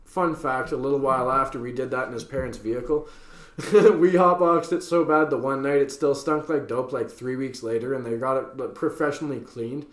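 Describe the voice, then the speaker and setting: A man's voice: medium pitch, fairly even intonation, moderate pace. A young man from western Canada, casually telling a rowdy story on a podcast, swearing freely and laughing as he goes. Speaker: podcast co-host. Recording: echoey room.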